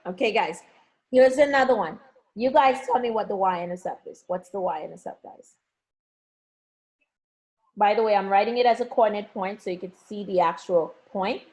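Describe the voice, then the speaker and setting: A woman's voice: mid-range voice, moderate pace, pauses often, darkish tone. A woman teaching math in a live online review session, coaxing students with pet names and frequent check-ins. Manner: frequent check-ins like okay and all right.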